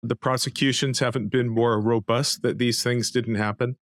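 A man's voice: mid-range voice, fairly even intonation, moderate pace, dry recording, clean studio sound. A man hosting a podcast, describing cartoons and pushing back with questions. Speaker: podcast host. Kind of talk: casual chat presenting cartoons.

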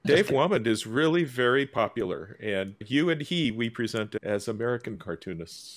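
A man hosting a casual panel chat among cartoonists, joking in a wry, deadpan way over a video call. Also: medium pitch, moderate pace, hardly any pauses. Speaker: host and editorial cartoonist.

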